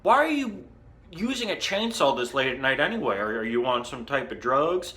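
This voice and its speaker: A patient police officer, put on by a man, talking in measured, steady tones. He stumbles a little at the start of his words, but he never loses his cool. The voice stays close to an everyday man's. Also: medium pitch. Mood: calm.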